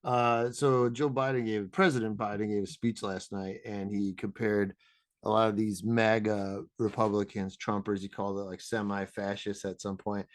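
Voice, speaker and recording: A man's voice: lowish voice, flat delivery, moderate pace, no room sound. A man co-hosting a podcast in casual chat, blunt and profane, sounding indignant. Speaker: podcast co-host.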